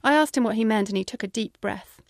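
A woman's voice: on the high side, fast talker, no room sound. British woman reading her memoir, wry. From Britain. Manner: wry, dry humor. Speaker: author.

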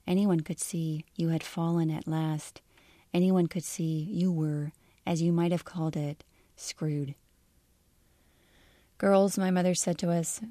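A woman author reading aloud from her own literary fiction in a measured, even storytelling manner. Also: lowish voice, dry recording, clean studio sound.

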